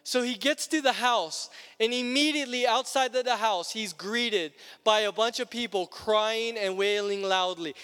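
Man preaching, high voice, emphatic and repetitive, long hall reverb, faint music. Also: moderate pace, few pauses, smooth. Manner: emphatic, repetitive, rising to shouts. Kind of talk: sermon. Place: church sanctuary.

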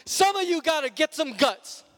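Man preaching, high voice, emphatic and repetitive, long hall reverb, faint music. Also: very animated, normal speed. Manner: emphatic, repetitive, rising to shouts. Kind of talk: sermon. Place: church sanctuary.

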